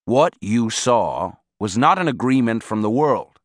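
A man voicing a stern, teasing older male teacher in an audiobook, speaking severely and gruffly. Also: mid-range voice, lively intonation, unhurried, no echo, studio quality. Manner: severe and gruff, then mocking.

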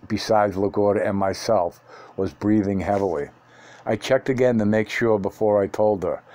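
A man reading a first-person story aloud as an audiobook, at a measured, steady pace with occasional restarts. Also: fairly low pitch. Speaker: narrator.

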